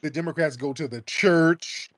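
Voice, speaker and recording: A man's voice: a little high, normal speed. A man hosting a call-in radio show, talking bluntly in a casual, mocking, slangy way. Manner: blunt, mocking, slangy and animated, mimics people in put-on voices.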